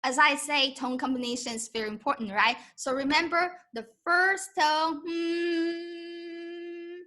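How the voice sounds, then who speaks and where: High, bright-voiced teacher woman. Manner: slow, patient, mixes English with Mandarin, models tones by humming. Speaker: Mandarin teacher. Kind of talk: live-streamed language lesson.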